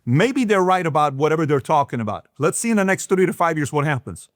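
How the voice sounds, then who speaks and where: A man's voice: on the high side, very animated, fast, no echo, studio quality. A man, hosting a business talk and speaking emphatically to camera, full of rhetorical questions. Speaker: business talk show host.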